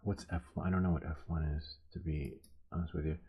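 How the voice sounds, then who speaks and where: A man's voice: very deep voice, flat delivery, slightly rough, lo-fi sound. A man hosting a soldering live stream who tells a rambling story while he works. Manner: rambling, halting, with many restarts.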